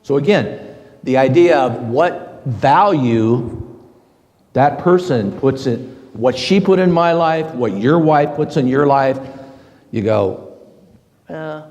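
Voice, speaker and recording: A middle-aged man giving a slow, halting, earnest personal testimony to a men's group. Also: mid-range voice, animated, a little mellow. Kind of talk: reflective personal testimony talk. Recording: long hall reverb.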